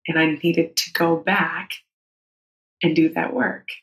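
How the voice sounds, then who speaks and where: A woman's voice: low voice, flat delivery, slow. Woman, 30s, podcast guest, candid storytelling, frank swearing, echoey room. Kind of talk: personal storytelling in a podcast interview. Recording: roomy echo.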